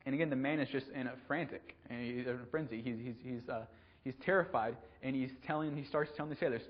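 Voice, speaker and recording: A man preaching a conversational sermon, pausing often with ums and repeating words as he goes. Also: medium pitch. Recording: dull lo-fi recording.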